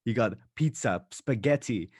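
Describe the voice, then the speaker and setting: A young man hosting a podcast in casual chat, ranting animatedly with quick asides. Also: mid-range voice, animated, darkish tone, no echo, studio quality. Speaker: podcast host.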